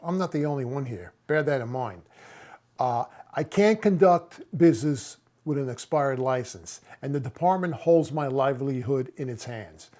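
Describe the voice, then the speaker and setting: A man's voice: on the high side, mellow. A seventy-year-old man, a plumber, telling a story in a casual vlog, exasperated and stumbling over restarts as he retells conversations. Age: 70s. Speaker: master plumber.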